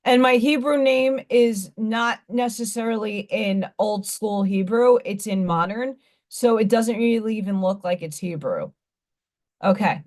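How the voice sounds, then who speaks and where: A woman's voice: mid-range voice, unhurried, a little mellow. A woman hosting a live stream, telling stories in a rambling, candid, blunt way. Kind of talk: casual chat.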